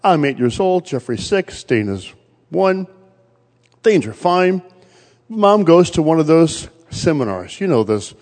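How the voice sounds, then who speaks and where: A man's voice: mid-range voice, a little mellow. A man preaching a sermon, telling a family story and quoting his relatives along the way. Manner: storytelling, quotes family members in his own voice. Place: church. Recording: long reverb of a church hall.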